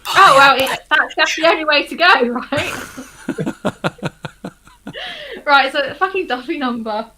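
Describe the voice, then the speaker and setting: Bright, high-voiced, laughing woman co-host. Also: a little slow, a little hiss or hum. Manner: laughs often, self-mocking, casual swearing. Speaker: co-host and singer. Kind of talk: casual chat.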